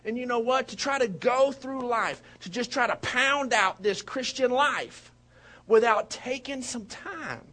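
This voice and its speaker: A high-voiced pastor with a drawl preaching to his congregation. He tells stories in an animated, joking manner, and his light voice sits well above the usual male range. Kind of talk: sermon.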